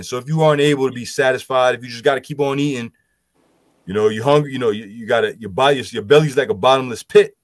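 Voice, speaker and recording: A man's voice: mid-range voice, fast, no room sound. A man, loosely explaining scripture and health to a group with lots of "you know" fillers. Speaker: group discussion speaker. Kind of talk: casual scripture teaching.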